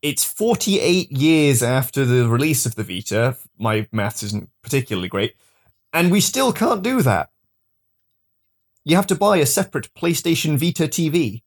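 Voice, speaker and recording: A man's voice: mid-range voice, lively intonation, moderate pace, few pauses. A man co-hosting a casual chat, jokey, often restarting his sentences. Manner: jokey, acts out mock dialogue, frequent restarts. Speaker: podcast co-host.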